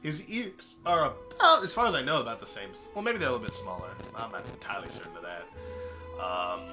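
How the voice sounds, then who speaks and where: A man, a game artist, casually explaining his work step by step in a relaxed way. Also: medium pitch, fairly quick, over music. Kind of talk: casual stream chat.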